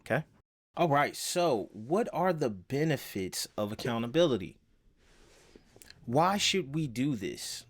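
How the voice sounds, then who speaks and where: A man's voice: medium pitch, sing-song, measured pace. A man giving a casual self-help lesson, rambling with fillers and rhetorical questions.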